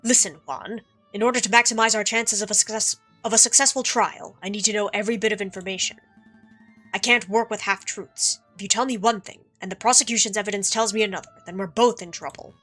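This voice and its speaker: Confident bird attorney, bright, commanding legalese, woman reading. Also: medium pitch, fairly even intonation, faint music behind, natural voice. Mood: stern. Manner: brisk, authoritative bluffing legalese. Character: sharp confident male bird defense attorney. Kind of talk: reading game dialogue aloud.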